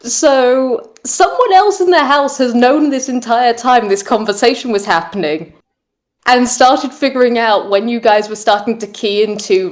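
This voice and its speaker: A woman's voice: fairly high pitch, measured pace. Amused woman narrating a game. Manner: lively, descriptive and amused. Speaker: game master.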